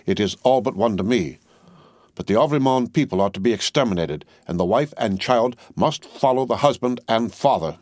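A man reading the part of a stern, ruthless middle-aged female revolutionary, speaking in a cold, commanding, deliberate way. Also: mid-range voice, expressive, darkish tone, dry recording, clean studio sound, pitched above the performer's own voice, close to an everyday voice.

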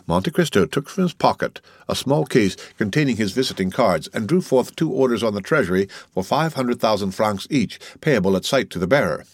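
A man narrating a classic novel in a measured, even way. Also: fairly low pitch, no room sound, studio quality. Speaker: audiobook narrator.

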